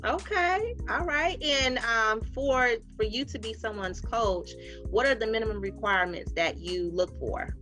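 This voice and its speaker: A woman's voice: fairly high pitch, a little slow, a bit bright, soft background music. A woman interviewing a guest, asking questions with enthusiasm. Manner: enthusiastic, encouraging. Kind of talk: interview conversation.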